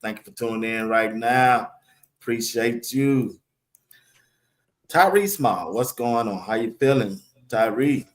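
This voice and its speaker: A man hosting a live sports talk stream, firing off casual shout-outs to the chat and laughing often. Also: mid-range voice, unhurried, pauses often. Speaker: live show host.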